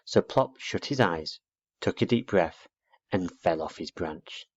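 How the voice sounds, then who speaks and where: A man narrating a children's storybook aloud in an expressive read-aloud manner, dull lo-fi recording. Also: sits low, a little slow.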